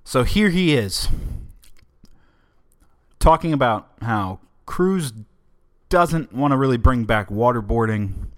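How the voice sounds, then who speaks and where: A man's voice: mid-range voice, lively intonation, slow pace. A man hosting a political podcast, giving opinionated, emphatic commentary in a conversational way. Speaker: podcast host.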